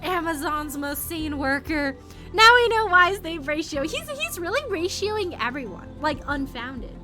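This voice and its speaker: A young woman streaming a video game, reacting with excitable, giggly commentary and frequent laughs. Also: sits high, normal speed. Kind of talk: let's-play reaction commentary. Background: game music.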